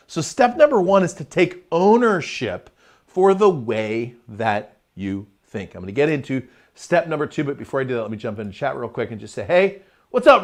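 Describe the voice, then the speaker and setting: A middle-aged man hosting a live motivational talk, chatty and energetic, with asides to his online chat. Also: a little high. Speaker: host of a live motivational show.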